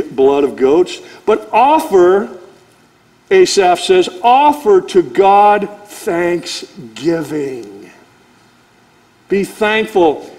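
A male pastor with a fairly high voice teaches through scripture verse by verse. He talks to the congregation conversationally and slips into short acted-out lines of dialogue. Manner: animated, acts out God's voice and conversational asides.

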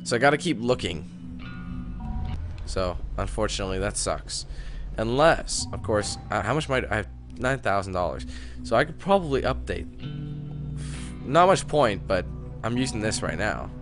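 A man's voice: on the low side, big pitch swings, normal speed, long pauses. A man giving casual, joking commentary while playing a video game, swearing now and then. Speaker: gamer. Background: game music.

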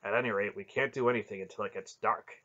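Guy reading as an old sorcerer dad, measured and cautious, low voice, lo-fi. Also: fairly even intonation, sharp tone. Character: calm, older male sorcerer and father.

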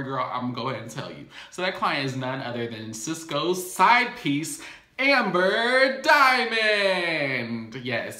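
A man's voice: mid-range voice, pushed and bright. Chatty gossipy man in an echoey room. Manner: chatty, gossipy, playful asides to viewers. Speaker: YouTube recap host. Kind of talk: casual chatty TV recap.

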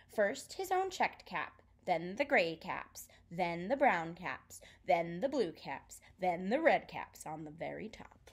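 A woman art teacher reading a picture book aloud, then starting a drawing lesson. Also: medium pitch. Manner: expressive, sing-song storytelling.

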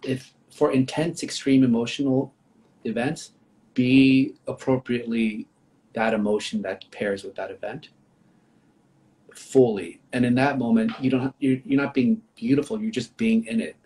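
A man speaking as a psychologist, thoughtful and gentle, explaining ideas over a video call with pauses. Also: medium pitch, fairly even intonation, low-quality recording. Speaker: psychologist, trauma therapist. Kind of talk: reflective conversational explaining. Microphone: livestream video call.

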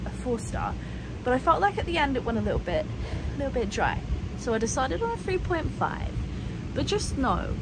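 A woman's voice: medium pitch, heavy background noise. A young woman in a casual book vlog, candid and sarcastic, laughing often. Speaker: book vlogger. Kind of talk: casual reading vlog chat.

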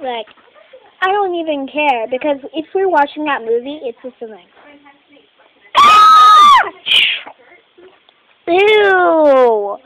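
High, lively woman's voice. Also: very noisy. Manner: halting, rambling, frequent throat clearing. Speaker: voicing teen doll characters. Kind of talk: homemade doll skit narration and dialogue.

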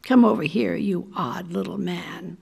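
An older woman voicing a brash, scheming middle-aged woman executive, loud and bossy in manner, from a storybook reading. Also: on the low side, a little slow, gravelly, husky, full character voice.

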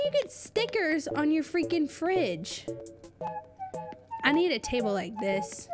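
A woman's voice: a little high, sing-song, measured pace, music in the background. Bubbly woman streamer chatting with her viewers. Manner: bubbly and gushing, thanking chat by name. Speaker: game streamer. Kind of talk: casual live-stream chat.

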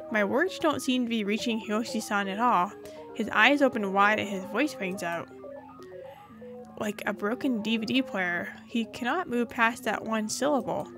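A woman reads a story game's narration aloud, dropping in short asides of her own. Her voice sits fairly high. Soft game music plays faintly behind her. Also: moderate pace. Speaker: gaming channel host.

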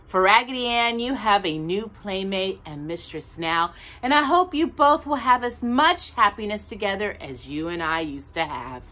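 A woman's voice: mid-range voice, animated, moderate pace, hardly any pauses, bright, forceful tone. A woman voicing a kindly old grandmother in a storybook, speaking tenderly. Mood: fond. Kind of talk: storybook read-aloud.

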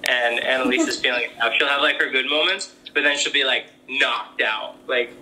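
A weak and tired man speaking in a soft, easygoing way. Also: mid-range voice, fairly quick. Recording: noisy recording.

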